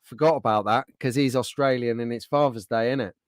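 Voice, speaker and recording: A man's voice: mid-range voice, steady tone, brisk, dry recording. A man hosting a casual livestream, chatting in a friendly way and reading out viewer comments. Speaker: livestream host.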